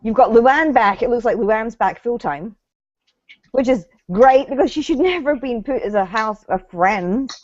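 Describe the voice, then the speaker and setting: A woman's voice: fairly high pitch, lively intonation, normal speed, darkish tone, dry recording, highs cut off. A woman co-hosting a casual chat about reality TV, blunt and opinionated, swearing freely. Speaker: co-host.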